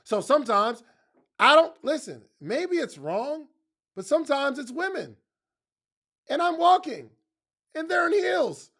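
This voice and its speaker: A man gives a motivational talk in a high, gravelly voice. He speaks straight to his listeners in casual slang and leans on repeated phrases to drive each point home. His delivery is emphatic and direct. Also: big pitch swings, unhurried, long pauses, a bit bright.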